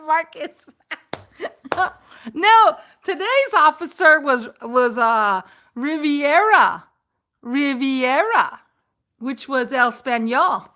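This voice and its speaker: A woman talks to her live-stream viewers in a loose, rambling storytelling style. She laughs often, restarts her sentences and speaks with a fairly high voice. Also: sharp tone. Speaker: vlogger on a live chat stream.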